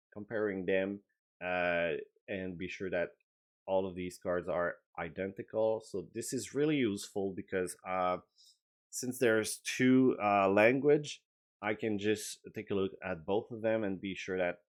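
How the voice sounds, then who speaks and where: A man with a French accent, a game designer giving a casual update video, talking hesitantly with many fillers and restarts. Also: low voice.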